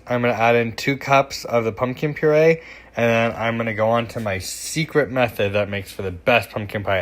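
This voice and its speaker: A young man hosts a casual cooking demonstration in his home kitchen, chatting in a self-deprecating way with loose fillers and asides as he works. His voice is on the low side and a bit bright.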